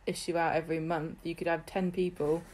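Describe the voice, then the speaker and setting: Woman podcast cohost, kinda low voice, dry jokey questions. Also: flat delivery, brisk, a little mellow. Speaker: podcast co-host. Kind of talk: casual chat.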